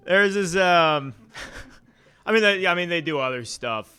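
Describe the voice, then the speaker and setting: Bright-voiced male stand-up comic. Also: fairly high pitch, clean tone. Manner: deadpan dark jokes with halting fillers. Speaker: stand-up comedian. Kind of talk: stand-up set at an open mic. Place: small comedy club with live audience.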